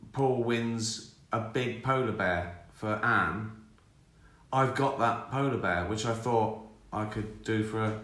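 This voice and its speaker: Man in his sixties, low voice, bright forceful tone, rambling live-stream chat, roomy echo. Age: 60s. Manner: rambling, self-mocking, chuckling. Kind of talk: casual chat answering viewer questions.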